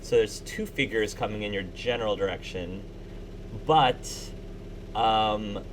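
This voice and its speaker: A man narrating a tabletop game as game master, pausing and restarting often as he describes the scene. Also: fairly low pitch, a little hiss or hum, rough recording. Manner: halting, with many restarts and fillers.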